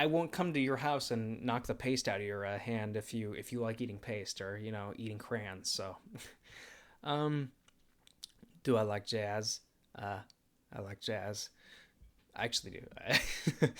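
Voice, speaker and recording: Rambling young man answering chat questions. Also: mid-range voice. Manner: rambling and self-deprecating, with frequent laughs and fillers. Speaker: channel host. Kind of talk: casual livestream Q&A chat.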